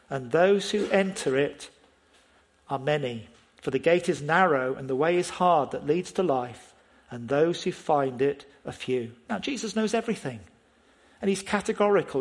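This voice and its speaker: A man's voice, pitched a little above the usual male range, delivers a sermon. He speaks with firm emphasis and keeps turning to his listeners with questions. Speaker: preacher.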